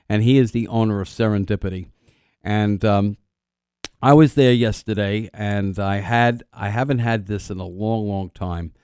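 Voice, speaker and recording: A man's voice: medium pitch, darkish tone, no echo, studio quality. A middle-aged man hosting a call-in radio show, talking in a rambling, chatty way with lots of fillers and restarts, and now and then a cough. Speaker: radio host. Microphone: studio microphone.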